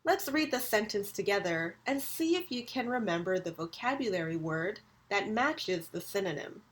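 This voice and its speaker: A woman teaching a recorded university English lecture, speaking clearly and acting out example sentences. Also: mid-range voice, expressive, moderate pace.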